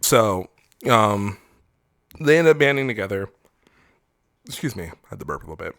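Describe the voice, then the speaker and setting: A man with a low voice chats through a movie plot on a podcast, meandering and swearing as he goes. He slips into quick impressions of the characters' lines. The sound is dry and close, with no room around it. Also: big pitch swings, fairly bright tone, no room sound. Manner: rambling recap with profanity and acted-out quotes. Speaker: podcast co-host. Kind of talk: casual movie review chat.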